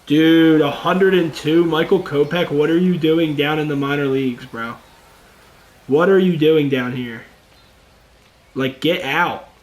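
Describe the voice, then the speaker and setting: A young man giving casual let's-play commentary on a baseball video game, excitable and chatty, talking to his viewers as "boys". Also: a little high, a little slow, long pauses, roomy sound. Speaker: gaming YouTuber.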